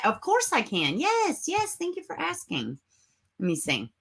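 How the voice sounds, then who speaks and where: A woman's voice: high voice, measured pace, gravelly. A woman hosting a casual livestream, reading chat comments. She talks sarcastically and swears a lot, close to her camera at home. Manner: sarcastic, animated, swears and laughs often. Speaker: livestream host. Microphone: camera mic.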